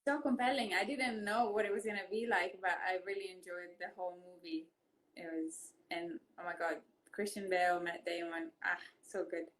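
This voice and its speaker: A woman's voice: on the low side, fairly even intonation, normal speed, fairly bright tone, poor audio. Laughing woman with an Italian accent. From Italy. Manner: laughs often, switches between languages. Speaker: host. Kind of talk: casual chat on a live stream. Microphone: phone.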